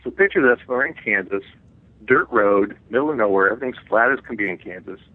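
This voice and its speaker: A man with a fairly low voice tells his testimony in an earnest, reflective way, often stopping to restart a thought. He sounds thin and narrow, as if on a phone line. The sound is dry, with no room around it. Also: expressive, brisk, no room sound. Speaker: guest author. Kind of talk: personal testimony in an interview.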